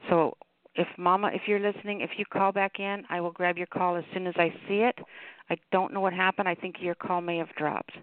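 A woman hosts a call-in radio show, greeting callers with easy familiarity. Her voice is smooth and clear, though it comes through a tinny, dry phone line. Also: lowish voice, steady tone, brisk, dry recording. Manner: friendly, calls callers hon and sweetheart. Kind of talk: hosting call-in poetry show.

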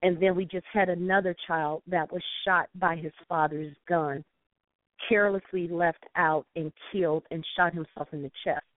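A woman's voice: on the low side, fairly even intonation, normal speed, no echo. A woman from St. Louis calling in to a talk show, telling an impassioned story with quoted dialogue. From St. Louis, USA. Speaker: call-in guest. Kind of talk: phone call-in talk show. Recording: tinny dry phone line.

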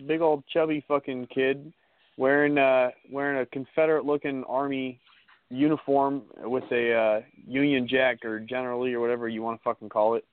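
A man's voice: mid-range voice, fairly even intonation, brisk, no room sound. A man co-hosting a podcast, ranting in a heated, profane, aggressive way. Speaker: podcast co-host. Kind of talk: heated casual chat. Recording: dry tinny phone-like audio.

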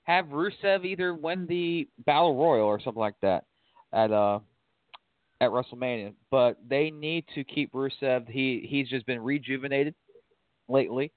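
A man's voice: mid-range voice, normal speed, dry recording. A man co-hosting a casual wrestling talk podcast, opinionated and blunt. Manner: opinionated, swears casually, laughs along. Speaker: podcast co-host. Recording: tinny phone-like line, dry.

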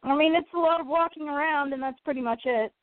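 Woman co-host, sleepy, yawning, fairly high voice, phone-quality audio. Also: fast, dry recording. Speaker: co-host of a toy collecting show. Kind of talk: casual chat.

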